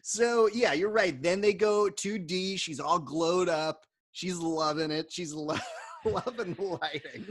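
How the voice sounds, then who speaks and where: A man's voice: high-pitched, takes it slowly, dry recording. A man co-hosting a casual podcast, recapping an episode, laughing often and swearing casually. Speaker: podcast co-host. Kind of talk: casual chat.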